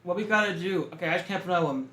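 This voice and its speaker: A young man with a light Boston accent talks fast on a casual podcast, piling up fillers as he plans. His voice sits a bit high, and the room around him rings with echo. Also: pushed and bright. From Massachusetts. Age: young adult. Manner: quick, filler-heavy planning talk. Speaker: podcast co-host. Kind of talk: casual chat. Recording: echoey room.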